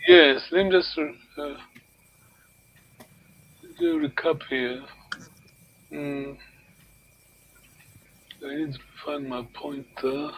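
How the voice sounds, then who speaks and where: High-voiced, unhurried male language teacher. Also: steady tone, fairly bright tone, a little hiss or hum. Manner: patient, encouraging, repeats words. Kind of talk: online language lesson. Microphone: video call. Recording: lo-fi video call audio.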